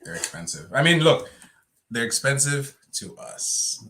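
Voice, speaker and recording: A man's voice: mid-range voice, big pitch swings, a little slow, a loud crowd. A man co-hosting a casual livestream, chatty and loose, often breaking into laughter. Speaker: livestream co-host.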